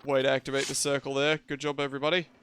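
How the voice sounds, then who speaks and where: A man's voice: mid-range voice, little pitch movement, rapid-fire, fairly bright tone, a little hiss or hum. A man casually chatting with his viewers while playing a game, joking and self-deprecating. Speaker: game streamer. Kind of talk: casual live-stream chat.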